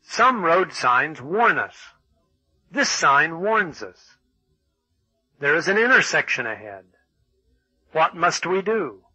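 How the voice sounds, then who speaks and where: A man reading English textbook exercises and passages in a measured, announcing way. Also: on the high side, very animated, bright, forceful tone, husky, dry recording, muffled recording. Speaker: textbook audio reader. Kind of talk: scripted textbook narration.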